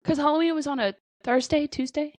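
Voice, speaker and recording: A woman's voice: sits high, steady tone, a little fast, a little mellow, no room sound. Brief: woman podcast co-host, casual gossip, rambling with heavy fillers and swearing, dry close sound. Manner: rambling, profane, peppered with "like". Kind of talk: casual chat.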